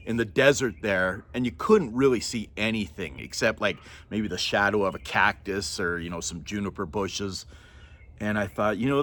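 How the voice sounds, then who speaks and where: A middle-aged man spins a casual personal story for his viewers, rambling from one aside to the next. He keeps cracking himself up and apologizing. His pitch sits at an ordinary middle for a man. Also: a bit bright. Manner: rambling, chatty, breaks into laughter and apologizes. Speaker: vlogger telling a personal story.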